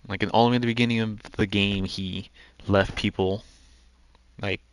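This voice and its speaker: Lower-voiced man rambling over a game. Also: fairly even intonation, moderate pace, dry recording. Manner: rambling, restarts a lot. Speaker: gaming video host. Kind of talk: let's play commentary.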